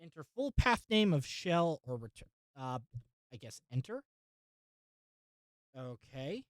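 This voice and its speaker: A woman hosting a casual tech vlog, talking through a software install and muttering to herself in exasperation, with frequent swearing. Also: sits low, very animated, takes it slowly, no echo, clean studio sound. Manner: addresses viewers as folks and guys. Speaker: tech channel host.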